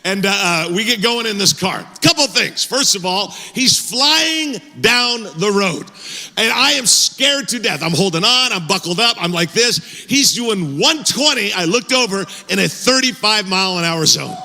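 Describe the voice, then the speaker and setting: A male pastor tells a story from the pulpit with animated, self-mocking humor. His voice sits high and sounds very bright. It rings out into a church hall with a long reverb. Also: normal speed. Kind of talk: storytelling sermon. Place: church auditorium.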